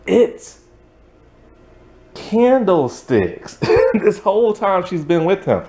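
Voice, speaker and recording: A man's voice: high-pitched, sing-song, takes it slowly, warm tone. A man casually recapping a film's plot as a reviewer, rambling with lots of "like" and "um" and frequent chuckles. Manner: rambling, full of "like" and "um", chuckles often. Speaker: film reviewer.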